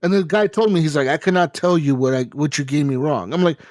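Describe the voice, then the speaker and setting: Profane, animated male podcast co-host. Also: fairly high pitch, fast, no echo, studio quality. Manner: animated, profane ranting storyteller. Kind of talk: casual chat.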